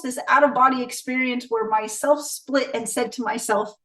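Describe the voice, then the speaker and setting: A woman's voice: fairly high pitch, steady tone, moderate pace, fairly bright tone. A middle-aged woman telling her life story in an interview, candid and reflective, often checking in with the listener. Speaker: interview guest. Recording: voice somewhat distant from the mic.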